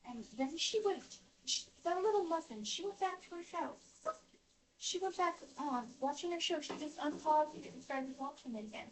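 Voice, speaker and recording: High-voiced woman rambling, mic far off. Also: animated, normal speed. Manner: rambling with many restarts and fillers. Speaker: vlogger. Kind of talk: casual rambling storytelling. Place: home kitchen, indoors. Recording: voice distant from the mic.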